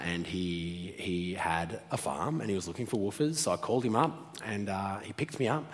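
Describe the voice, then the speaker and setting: A man's voice: fairly low pitch, fairly bright tone. A man tells a funny personal story to a live audience, self-mocking and laughing often. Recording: long reverb of a hall.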